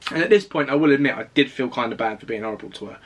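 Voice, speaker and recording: A man's voice: medium pitch, very fast, fairly bright tone. A young man, casually recounting a personal story to camera in a rambling, self-deprecating way. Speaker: fitness vlogger.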